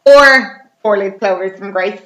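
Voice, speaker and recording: A woman chatting casually, retelling a film's plot with animated, sweary humour and acting out the characters. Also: mid-range voice, measured pace, a little hiss or hum. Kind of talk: casual chat. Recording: roomy, slightly dull recording.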